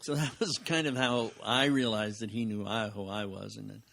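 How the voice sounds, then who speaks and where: An older man, a podcast guest recorded at home, telling animated anecdotes, acting out the voices of people he quotes and laughing often. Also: lowish voice, moderate pace, gravelly. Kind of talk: casual anecdotal storytelling.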